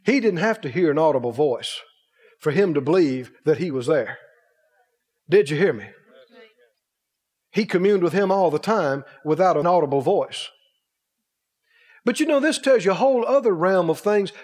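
A man preaches with a high, lively voice that swoops up and down, asking questions and acting out the people he quotes. The sermon rings with long hall reverb. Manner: animated, acts out quoted voices, rhetorical questions.

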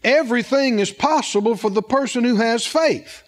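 A man's voice: very high-pitched, moderate pace. A man preaching a sermon, asking the congregation questions and repeating words for emphasis.

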